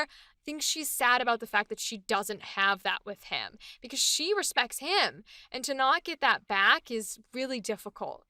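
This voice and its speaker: Woman host, casual chat, enthusiastic, smooth, dry close sound. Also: a little high, expressive, moderate pace, pushed and bright, no room sound. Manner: enthusiastic, chatty. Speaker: voice actress hosting a character series.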